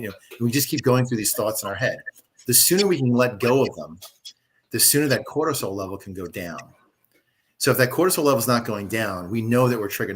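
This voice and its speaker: A man talking calmly and reflectively about handling emotions, as a guest in a conversational interview from home. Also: lowish voice, a little hiss or hum. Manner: calm, reflective, coaching tone.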